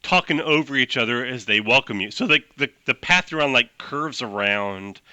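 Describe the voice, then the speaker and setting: A man running a tabletop game as game master, narrating in an animated, loose way. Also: mid-range voice, normal speed, clear, resonant tone, dry recording. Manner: animated, loose, full of fillers.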